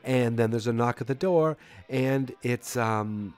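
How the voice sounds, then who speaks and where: A man's voice: mid-range voice, unhurried, darkish tone, clear, resonant tone. A man hosting a podcast, recapping casually in a rambling way with many fillers and restarts. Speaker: podcast host.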